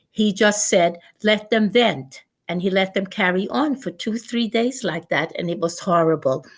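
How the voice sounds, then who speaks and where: An elderly woman from Sweden speaks as a guest speaker at a mid pitch. She recounts a personal story vividly, circling back with repetitions and restarts.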